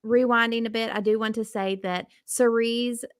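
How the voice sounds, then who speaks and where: A woman's voice: on the high side, steady tone, moderate pace, clean tone, dry recording, studio quality. A woman from Texas, co-hosting a podcast in casual chat, recapping a reality show with lots of enthusiasm. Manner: chatty, laughs often, recaps with enthusiasm. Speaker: podcast co-host.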